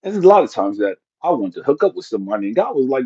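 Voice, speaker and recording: A middle-aged man giving a blunt, profane motivational talk, animated and jumping to shouts for emphasis. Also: medium pitch, rapid-fire, breathy edge, highs cut off. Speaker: motivational speaker.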